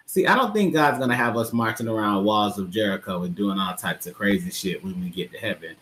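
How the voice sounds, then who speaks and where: A man co-hosting a live talk show, joking about church and doing high mock voices of old church folks. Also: a little fast, a little hiss or hum. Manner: animated, mimics church folks in high squeaky voices, stammering bits. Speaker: co-host. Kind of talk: comedic church-humor banter.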